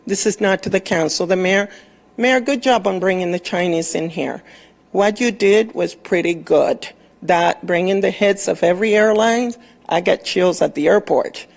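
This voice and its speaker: A woman's voice: lowish voice, moderate pace, gravelly. A woman giving an impassioned public comment to a city council, scolding officials and praising others.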